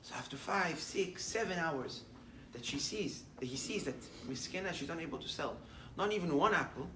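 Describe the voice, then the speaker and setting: A man with a fairly high, pushed and bright voice, a rabbi, gives a short morning sermon built around a story, speaking expressively at a moderate pace. He mixes Hebrew terms into his English and rises to strong, emphatic declarations. He sits far back from the mic in an echoey room, with a faint hiss beneath his words.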